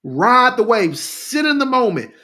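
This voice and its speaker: High-voiced man giving a rousing talk. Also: sing-song, measured pace, sharp tone. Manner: repetitive, rousing, addresses listeners as "y'all". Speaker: grief speaker hosting a live talk. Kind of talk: impassioned talk, reading viewer comments.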